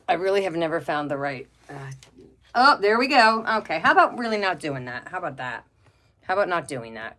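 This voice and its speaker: A woman's voice: low voice, bright, forceful tone. A middle-aged woman hosting a home craft livestream, chatting casually, rambling and gushing, reading viewer comments aloud. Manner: rambling and chatty, gushes over pets, many fillers. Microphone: webcam.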